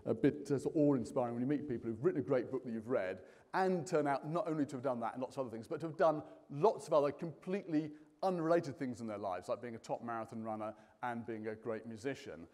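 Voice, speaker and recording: A man's voice: medium pitch, fast, few pauses. Man, conference host, jokey, quizzing the crowd, reverberant hall. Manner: lively, jokey, quizzing the audience. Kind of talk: live conference hosting.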